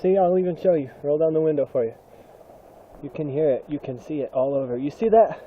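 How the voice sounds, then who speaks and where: A vlogger holds his phone camera at arm's length and talks casually and profanely, complaining with mock melodrama while outside and in his car during heavy rain. His voice is a little high and brisk, with phone-quality sound. Loud pouring rain runs over the audio.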